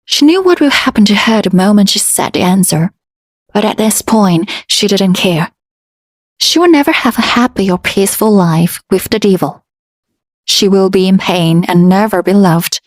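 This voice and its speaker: A woman storyteller reading a fantasy romance aloud in a steady, unhurried way. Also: mid-range voice, dry recording.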